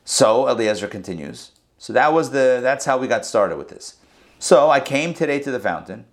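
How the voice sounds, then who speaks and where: A man, a rabbi, teaching a Torah class and retelling the verses in a lively storytelling way. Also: mid-range voice, normal speed. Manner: animated storytelling, acts out the verses.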